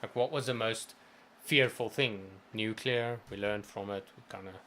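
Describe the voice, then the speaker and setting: Stream co-host, male, lowish voice, thoughtful and rambling, faint noise behind. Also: moderate pace, a bit bright. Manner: thoughtful, rambling, many restarts. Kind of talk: casual chat.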